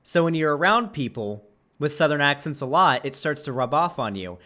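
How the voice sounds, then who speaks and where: A man's voice: fairly high pitch, animated, moderate pace, bright, forceful tone. A man from Florida giving casual reaction commentary over a video, rambling and chatty, full of asides and filler words. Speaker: reaction streamer.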